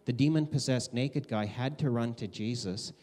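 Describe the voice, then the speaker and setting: A man preaching a conversational sermon, animated, acting out quoted voices with big swings. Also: mid-range voice, normal speed. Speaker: pastor.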